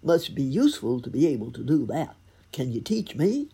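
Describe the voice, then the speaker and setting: A woman voicing a cross, slow-witted male giant who roars and blusters. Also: a bass voice, very animated, gravelly, slightly rough, heavily acted. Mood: blustering. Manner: loud, blustering. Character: dim-witted, bad-tempered giant man.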